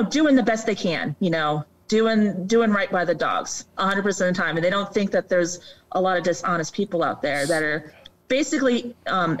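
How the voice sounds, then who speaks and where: A woman on a casual podcast, explaining her point earnestly in a mid-pitched voice. She keeps a steady, conversational flow and now and then mimics other people in a higher voice. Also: distant mic, rough recording. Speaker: guest on animal welfare.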